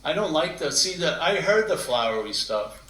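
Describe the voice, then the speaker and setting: A man's voice: on the high side, sing-song, normal speed, bright, forceful tone. A man talking casually and bluntly, with crude words. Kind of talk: casual chat. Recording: echoey room from a distance.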